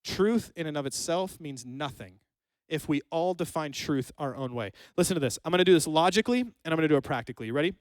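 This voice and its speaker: A man preaching a lively youth sermon in a church hall, joking with the audience and acting out both sides of a scene. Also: fairly high pitch, quick pace, studio quality. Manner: playful, jokes with the crowd, acts out both sides of a scene. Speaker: youth pastor.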